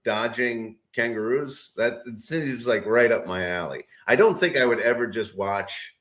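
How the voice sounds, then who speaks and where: A man's voice: mid-range voice, a little slow, fairly bright tone. A man co-hosting a podcast, talking in an easygoing way and laughing along in casual chat. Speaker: podcast co-host.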